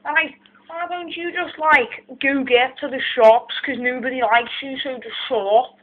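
Amateur bit: woman plays a rambling, insulting Irish-accented ranter; high voice, phone-like recording. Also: steady tone, takes it slowly. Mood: indignant. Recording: lo-fi phone-like sound.

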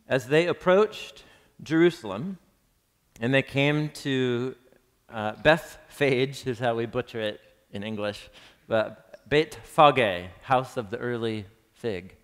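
A man's voice: mid-range voice, takes it slowly, long pauses. A man teaching a live class on a gospel text, chatting casually, quizzing his listeners and reading passages aloud with drama. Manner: conversational, quizzes the audience, reads scripture dramatically. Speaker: Bible teacher. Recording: long reverb of a large hall.

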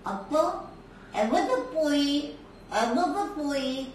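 A woman's voice: high voice, animated, takes it slowly, a little mellow, slight background noise. A woman voicing a half-blind, toothless old grandmother who mumbles, in a storybook reading. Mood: mumbling. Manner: mumbled, lisping speech without teeth. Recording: echoey room, far from mic.

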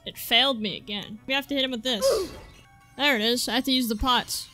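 A young woman commentating her own game playthrough, excitable and swearing freely, reading the on-screen text aloud. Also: a little high, a little fast. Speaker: gaming channel host. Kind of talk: let's-play commentary. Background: faint game music.

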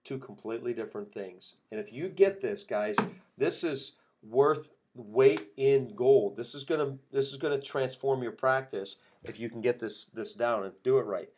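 A man with a mid-range, slightly mellow voice hosts a podcast for chiropractors at a moderate pace. In a casual tone, he tells a patient story, acting out both sides by quoting the patient and himself in dialogue.

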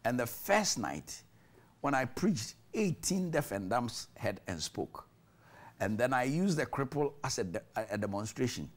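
Animated Ghanaian preacher telling a story. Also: male voice, mid-range voice, a little slow. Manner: animated storyteller, laughs often, repeats words. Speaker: archbishop, interview guest. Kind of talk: storytelling in a TV interview, mixing English and Twi.

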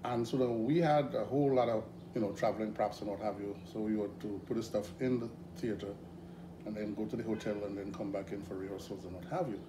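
A middle-aged man from Grenada with a Grenadian accent, guesting in a casual interview, telling stories in an animated way with frequent laughs. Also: fairly low pitch, fast. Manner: animated, hesitant with fillers, laughs often. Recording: echoey room with background noise.

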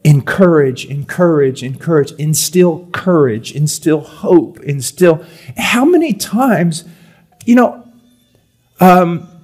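A man preaching a sermon at a conference, reading aloud with emphasis, then dropping to quiet, confiding tones and repeating words to drive a point home. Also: a little high, expressive, slow pace. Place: church or conference hall.

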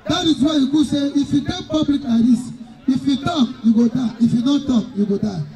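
A man with a Nigerian accent emceeing a wedding live, joking and telling stories with bursts of shouting. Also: very high-pitched, brisk, low-quality recording. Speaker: wedding master of ceremonies. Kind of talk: live event emceeing to a crowd. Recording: loud wedding crowd behind.

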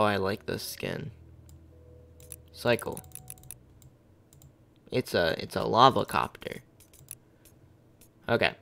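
Slow-talking goofy gamer guy. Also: fairly low pitch, vocal fry, fairly bright tone. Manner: goofy, jokey gamer slang. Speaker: gaming streamer. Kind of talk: casual livestream commentary.

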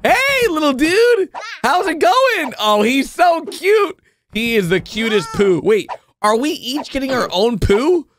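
A man giving excitable reaction commentary to cartoons, exclaiming and shouting often. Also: extremely high pitch, unhurried, a little hiss or hum. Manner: exclaiming, frequent shouts and laughs. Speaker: video reactor. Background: cartoon music and sound effects.

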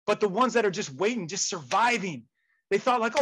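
Motivational speaker, male, fairly high voice, lively storyteller who acts out the people in his stories. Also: normal speed, husky, rough recording. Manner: animated storytelling with quoted voices. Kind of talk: motivational keynote talk.

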